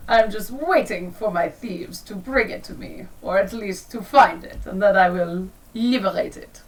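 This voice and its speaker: A woman plays a smarmy camp boss who thinks himself the greatest lover alive. He speaks, slow and oily, full of pompous flattery. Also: medium pitch, close to an everyday voice, low-quality recording. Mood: flirtatious. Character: smarmy French male camp boss, flirtatious villain.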